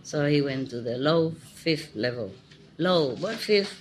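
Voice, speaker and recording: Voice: mid-range voice, lively intonation, measured pace, faint music behind, rough recording. A spiritual teacher giving an informal talk full of anecdotes, in simple non-native English phrasing, often laughing and repeating words.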